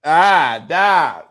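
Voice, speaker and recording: A man hosts a casual livestream and talks straight to his chat. He teases and laughs often. His voice sits a little high for a man. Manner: animated, teasing, laughs often. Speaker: livestream host. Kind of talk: casual live-stream chat.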